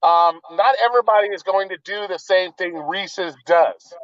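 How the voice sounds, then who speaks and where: Male caller with a high voice, blunt and profane, on dull, dry remote call audio. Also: moderate pace, a bit bright, no echo.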